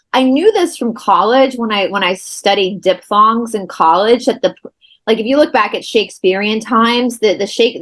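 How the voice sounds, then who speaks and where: A woman's voice: mid-range voice, a bit bright. A woman from the Southeastern United States, hosting a casual podcast chat and rambling through stories. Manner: chatty, rambling storyteller. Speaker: podcast host.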